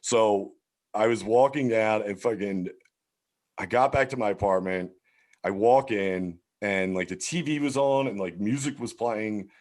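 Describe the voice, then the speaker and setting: A man, a comedian guest on a podcast, telling a story in a loose, profane, animated way and acting out the dialogue himself. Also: fairly low pitch, measured pace. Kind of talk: casual storytelling.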